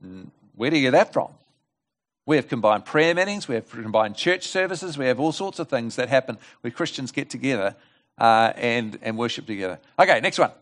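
A man preaching a lively, conversational sermon at a church service, often asking the congregation questions. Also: mid-range voice, a little fast. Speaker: guest preacher.

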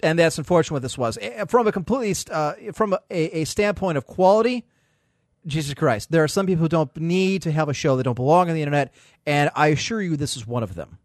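A man's voice: on the high side, animated, fast talker, dry recording, studio quality. A man hosting a podcast in casual chat, blunt and scornful, swearing freely. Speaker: podcast host.

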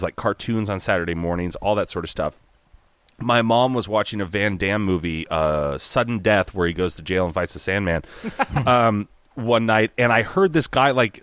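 A man in his thirties, a dungeon master who is a podcast guest or co-host, chats casually with many fillers, swearing and restarts, slipping into impressions. His pitch is fairly low, his tone fairly bright, with no echo.

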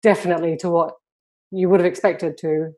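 A woman interviewing a dancer, asking questions in a relaxed conversational way. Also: lowish voice, a little fast.

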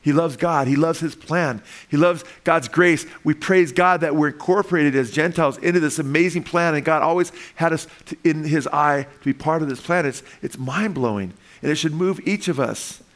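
A man preaching a sermon as pastor, reading scripture slowly and rising in pitch and volume to stress points, asking the congregation questions. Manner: reads verses slowly, asks the congregation questions.

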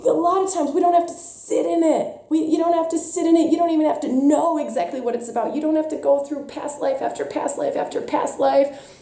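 A woman leading a spiritual workshop talk on a live stream, emphatic, swinging between hushed and loud passages. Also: sits high, roomy sound. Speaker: workshop leader.

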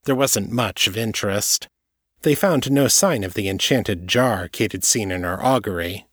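A man narrating an audiobook chapter in a measured, steady way. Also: lowish voice, slightly rough, dry recording, studio quality. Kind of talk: scripted narration.

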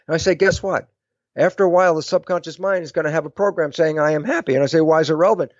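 A man with a somewhat high voice explains his ideas in an interview. He talks in a lively way and acts out both sides of little imagined exchanges. The sound is dry and a little dull. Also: rapid-fire, no room sound. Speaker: guest speaker. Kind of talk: animated explanatory interview talk.

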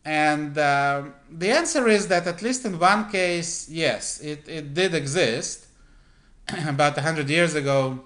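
A man hosting a political commentary monologue, speaking deliberately with frequent pauses, fillers and throat-clearing. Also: a little high, a bit bright.

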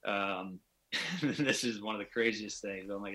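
A pro hockey player appearing as a podcast guest spins a long, rambling story in casual conversation, imitating the voices of the people he quotes. His voice is lowish, pushed and bright, at a normal speed.

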